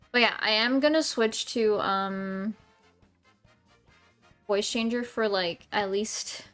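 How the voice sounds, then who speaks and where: A woman's voice: medium pitch, smooth. A woman streamer chatting casually with her viewers at home, rambling with lots of ums and restarts. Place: home room.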